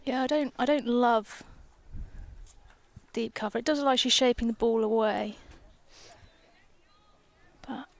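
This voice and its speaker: A woman cricketer chats on a headset mic while guest-commentating a live match from an outdoor gazebo, full of teasing, giggly banter. She speaks a little slowly in a fairly high voice with vocal fry, pausing often.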